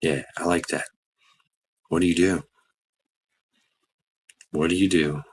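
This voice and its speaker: A middle-aged man hosting a casual livestream, rambling with many fillers, greeting chatters by name and breaking into excited shouts. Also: deep voice, takes it slowly, husky. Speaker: livestream host.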